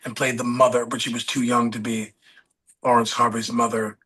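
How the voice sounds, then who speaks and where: A man as a podcast guest, telling rambling anecdotes and pausing to search for names mid-story. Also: mid-range voice, level tone, sharp tone, breathy edge.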